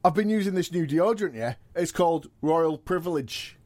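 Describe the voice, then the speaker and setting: A man's voice: a little high, animated, moderate pace, a little mellow, dry recording, lightly acted. An actor playing a cocky, evasive, washed-up male wrestling champion in a comedy audio drama. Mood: boastful. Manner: blustering and boastful, with sudden panicked yelps.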